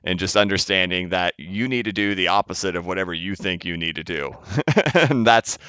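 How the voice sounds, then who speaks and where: A man's voice: low voice, a little fast, sharp tone, clear, resonant tone, no room sound. A man hosting his channel, talking emphatically in a casual market commentary monologue with chuckling asides. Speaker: channel host.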